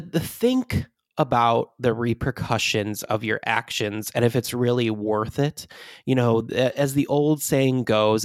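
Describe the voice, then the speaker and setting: A man co-hosts a podcast, chatting casually and rambling with lots of fillers and frequent laughter. His voice is medium-pitched, and the clean studio sound has no room sound.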